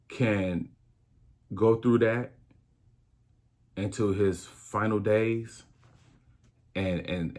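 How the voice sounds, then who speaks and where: Deep and a little mellow, the voice belongs to a man talking alone on his podcast in a casual way. His delivery is slow and thoughtful, with lingering phrases and plenty of restarts.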